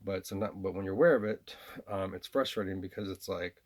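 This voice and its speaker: A man's voice: low voice, fast talker. A man from the American South talking in a rambling personal monologue, hesitant, repeating himself with lots of fillers and restarts. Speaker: vlogger.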